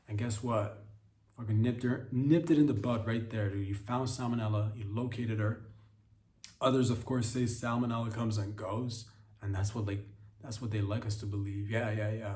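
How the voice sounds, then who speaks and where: A man's voice: lowish voice, fairly even intonation, moderate pace, darkish tone. Rambling man ranting in a roomy echo. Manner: mock-serious rants, rambling with many restarts and fillers. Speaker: comedy podcast host. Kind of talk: absurd deadpan comedy monologue.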